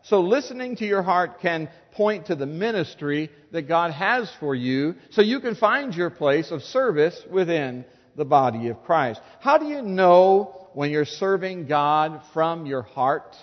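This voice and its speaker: Male pastor, higher voice, earnest emphatic preaching; church hall reverb. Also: dull audio. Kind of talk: sermon.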